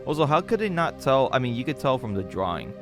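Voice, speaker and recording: A man's voice: mid-range voice, very animated, fast talker. A young man recapping a manga and reacting casually, full of fillers and jokes. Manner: casual, filler-heavy, joking. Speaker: manga reader and reviewer. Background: faint music.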